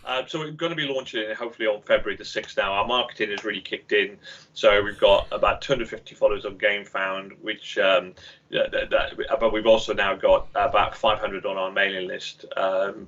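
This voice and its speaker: Bright-voiced man on a dull call line. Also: on the low side. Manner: animated storyteller, acts out voices, many fillers. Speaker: games company founder, guest. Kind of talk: casual podcast interview over video call. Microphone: video call. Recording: dull lo-fi video call audio.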